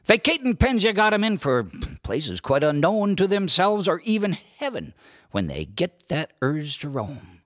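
A man reciting cowboy poetry and singing, with a lively drawl. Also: normal speed. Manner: lively drawl with broad swings of pitch. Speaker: cowboy poet and singer. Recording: dry studio recording with guitar.

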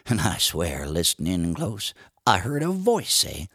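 A man reciting cowboy poetry and singing, with a lively drawl. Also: unhurried, husky. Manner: lively drawl with broad swings of pitch. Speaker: cowboy poet and singer. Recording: dry studio recording with guitar.

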